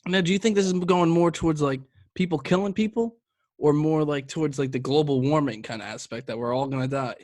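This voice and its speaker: A man's voice: fairly high pitch, a little fast, darkish tone, no room sound. A young man co-hosting a beer review podcast, chatting casually with crude, joking banter. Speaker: podcast co-host reviewing beers. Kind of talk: casual chat.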